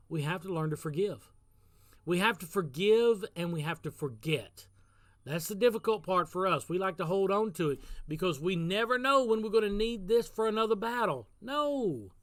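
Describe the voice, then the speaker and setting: A man's voice: high voice, no echo. A man giving a casual devotional talk as pastor, telling a story in an earnest way and repeating phrases for emphasis.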